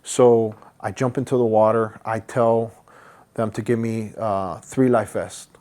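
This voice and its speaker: A male podcast guest who makes boating content tells stories animatedly in a casual interview in a podcast studio. His voice is fairly low and unhurried, yet he's excitable, often restarting his sentences and acting out other people's voices.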